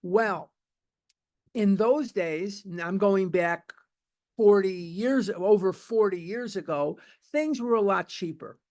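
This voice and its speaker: An older man in his seventies, with a notably high-pitched voice, tells his own recovery story at a meeting. He talks bluntly and with emphasis, circling back to repeat key phrases. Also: slow pace, darkish tone. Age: 70s. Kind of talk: personal testimony at a recovery meeting.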